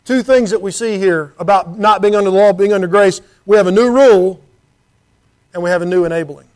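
Male preacher with a high voice, earnest and chatty in the pulpit, reads scripture aloud, keeps asking the room questions. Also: fairly quick, a little mellow. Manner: earnest, conversational, with rhetorical questions; reads scripture in King James wording. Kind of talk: sermon.

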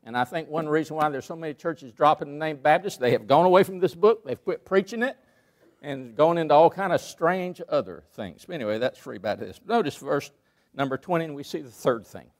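A man delivers a sermon in a church. His voice sits a little high for a man. He preaches emphatically, climbing to loud peaks and then dropping to hushed asides. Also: animated, fairly quick. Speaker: pastor. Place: church sanctuary.

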